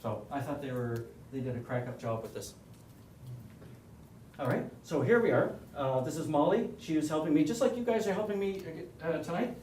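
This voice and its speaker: This Canadian presenter speaks to his astronomy club in a loose, wandering way, cracking jokes and frequently starting over. His voice is slightly high and a bit mellow, expressive, at a moderate pace. The meeting room echoes, he's picked up from afar, and a light hiss runs beneath.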